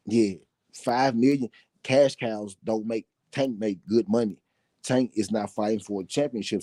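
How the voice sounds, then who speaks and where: Hosting his own boxing talk show, a Southern US-accented man with a mellow, fairly low voice goes on a heated, profane rant. He's blunt and repetitive, hammering his points again and again, and there's no room sound in the recording.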